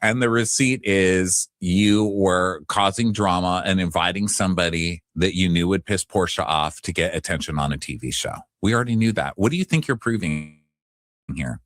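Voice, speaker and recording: A man's voice: sits low, normal speed, a bit bright, dry recording. A man co-hosting a podcast in casual chat, blunt and sarcastic, swearing casually. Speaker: podcast co-host.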